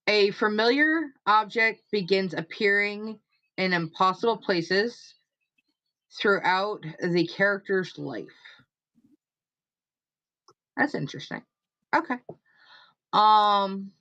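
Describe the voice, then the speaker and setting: Stream host, female, easygoing and slow, lo-fi mic. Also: mid-range voice, fairly bright tone. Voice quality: unhurried, rambling with fillers. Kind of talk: casual chat.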